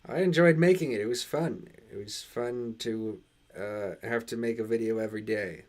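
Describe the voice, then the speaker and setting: A man in a casual live stream, talking in a put-on transatlantic accent at a mid pitch. He reads chat and replies in loose, halting sentences full of fillers and restarts. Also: darkish tone. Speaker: channel host reading live chat.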